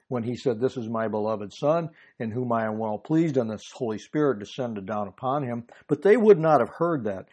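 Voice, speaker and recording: A man's voice: medium pitch, darkish tone. A man giving a verse-by-verse Bible teaching, earnestly explaining passages and reading scripture aloud.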